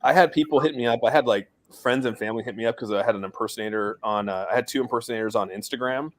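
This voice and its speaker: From a shed outdoors, a man hosts a casual livestream for a crypto community, rambling in a laid-back way with lots of fillers. His voice is mid-range and rapid-fire.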